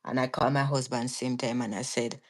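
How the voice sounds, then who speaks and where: A woman's voice: rumbling low, steady tone, a little fast, a crowd in the background. Jamaican woman telling her story earnestly. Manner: earnest, vivid, frequent restarts and repeats. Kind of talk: casual storytelling on a live stream.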